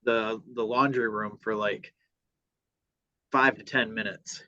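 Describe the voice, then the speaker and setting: A man's voice: fairly low pitch, steady tone, takes it slowly, bright, forceful tone, no room sound. Casual male podcast host, swears freely, acts out the dialogue, dry and slightly dull audio. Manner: profane, re-enacts dialogue. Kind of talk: casual storytelling. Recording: dull lo-fi sound.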